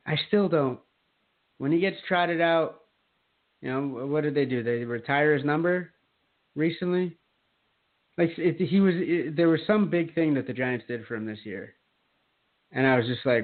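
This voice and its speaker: A man's voice: on the high side, moderate pace, pauses often. Profane ranting man on a tinny line. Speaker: podcast co-host. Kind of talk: casual chat. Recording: phone-like lo-fi sound.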